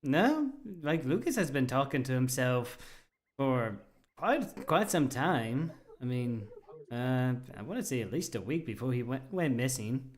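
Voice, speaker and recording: A man voicing a curious young child in a tabletop role-play, chatty and halting, full of naive questions. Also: mid-range voice, very animated, slight background noise.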